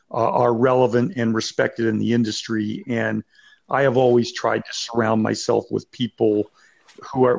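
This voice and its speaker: Gravelly-voiced guy, slow careful answers, lots of uhs. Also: mid-range voice. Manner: measured, halting with fillers. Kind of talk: conversational interview.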